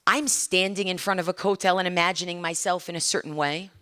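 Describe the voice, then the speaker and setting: Woman lecturer, middle-aged, bright and lively, talks with the room and acts out small scenes. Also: lowish voice, brisk, smooth. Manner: conversational, asks the audience questions; animated, acts out little scenes. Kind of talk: academic lecture to a live audience.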